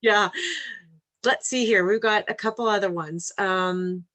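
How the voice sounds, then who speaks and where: A woman hosting a webinar over a video call, reading audience questions and affirming her guest in a relaxed way. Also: medium pitch, measured pace. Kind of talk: casual moderated webinar conversation.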